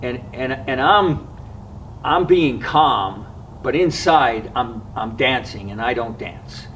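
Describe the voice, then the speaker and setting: A man of middle pitch tells a personal story in an earnest, reflective way, stopping now and then to find his words. He sounds set back from the microphone. A faint hiss of background noise runs underneath. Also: lively intonation, fairly bright tone, distant mic, low-quality recording. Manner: earnest, reflective, often pausing to regather his thoughts. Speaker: fishing vlogger.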